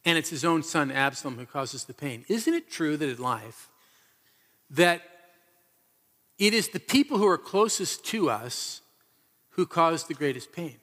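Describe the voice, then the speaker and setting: A man's voice: a little high, animated, measured pace, long pauses, fairly bright tone. Earnest man preaching in a hall. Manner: earnest, emphatic storytelling with repetition. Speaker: pastor. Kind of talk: sermon. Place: church hall. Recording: reverberant hall.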